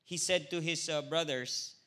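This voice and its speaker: A man with a Filipino accent giving an informal Bible study, often pausing on "uh" and ending points with a questioning "no?". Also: a little high, sharp tone. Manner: hesitant, many filler "uh"s and tag "no?".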